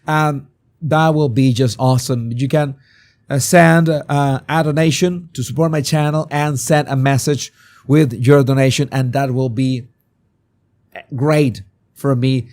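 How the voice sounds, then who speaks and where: A hoarse man, hosting a live-stream commentary and talking animatedly with rhetorical questions. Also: medium pitch, fairly even intonation, a little slow, darkish tone. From Venezuela. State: hoarse, sore throat. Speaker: host.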